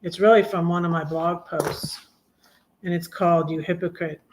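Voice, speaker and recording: A woman hosting a live stream, chatting casually and reading her own poetry, soft-spoken and often trailing off into a hushed murmur. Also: on the low side, fairly even intonation, slight background noise. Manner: halting, with frequent restarts and trailing off.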